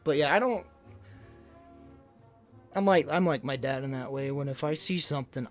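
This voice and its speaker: A man's voice: mid-range voice, normal speed, pauses often, faint music behind. A man streaming live, casually telling stories to his chat and acting out what people said. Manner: animated, acts out quotes loudly. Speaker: livestreamer.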